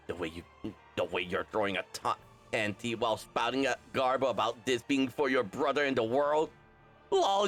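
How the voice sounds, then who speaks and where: A young man reading a game's story aloud and voicing every part, animated and quick to correct his own slips. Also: mid-range voice. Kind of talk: game script readthrough, voicing all parts.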